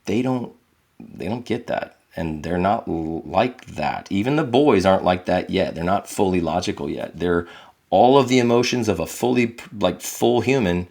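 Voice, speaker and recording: A man with a very low, deep voice speaks candidly as a podcast guest. He is earnest and reflective, and he lifts his voice when he acts out what people said. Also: lively intonation, normal speed, vocal fry, darkish tone. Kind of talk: candid conversational storytelling.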